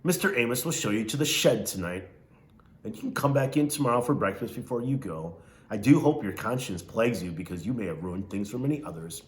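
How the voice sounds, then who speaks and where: A man's voice: fairly low pitch, expressive, a little fast, lightly acted. A man putting on a haughty, scolding foster mother. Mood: stern scolding. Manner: haughty, formal, scolding diction. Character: stern, pompous middle-aged foster mother.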